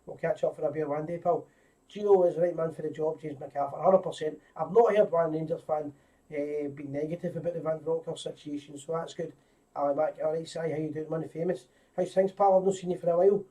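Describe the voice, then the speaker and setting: A man's voice: fairly high pitch, fairly even intonation, a little fast, dark tone, distant mic, rough recording. Chatty Scottish man, set back from the mic. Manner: chatty, greets viewers by name, rambling with restarts. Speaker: host of a live fan show. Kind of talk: casual live-stream chat.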